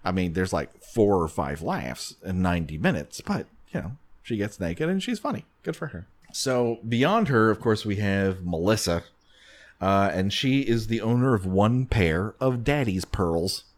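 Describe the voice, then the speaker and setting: Male podcast host, lively pitch, jokey and animated. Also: a little slow. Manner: joking, animated, frequent laughs. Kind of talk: casual comedic chat.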